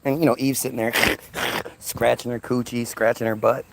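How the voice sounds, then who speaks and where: Uomo dalla voce roca che racconta in modo volgare. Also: male voice, mid-range voice, flat delivery, normal speed, creaky, heavy background noise. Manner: crude, rambling storytelling. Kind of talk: stand-up comedy monologue.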